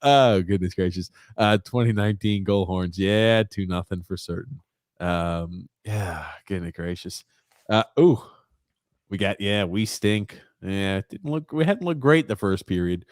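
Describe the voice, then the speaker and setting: A man's voice: deep voice, measured pace, no room sound, studio quality. A man co-hosting a live hockey watchalong podcast, with a New York accent, teasing his co-host and reading viewer comments aloud. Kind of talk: live game watchalong chat.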